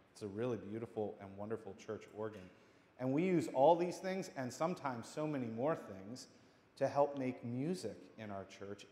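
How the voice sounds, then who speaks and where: A man's voice: mid-range voice, mellow. A man, a pastor, giving a playful children's message in a church sanctuary, speaking simply and encouragingly. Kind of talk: children's message during worship. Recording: echoey hall with long reverb.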